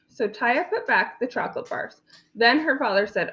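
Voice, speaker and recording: A woman reading a picture book aloud in an animated way, adding playful asides. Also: a little high, moderate pace, gravelly, lo-fi sound. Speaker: storyteller.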